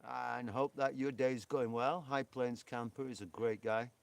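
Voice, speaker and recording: A man's voice: mid-range voice, steady tone, unhurried, creaky, dry recording. A man with a Yorkshire accent co-hosting a live stream, rambling and chatty with lots of fillers. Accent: Yorkshire English. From England.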